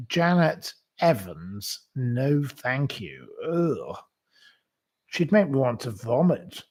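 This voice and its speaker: A man's voice: mid-range voice, gravelly, breathy edge. A man hosting a live online quiz, chatting casually, rambling and calling out viewers by name. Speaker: livestream quiz host.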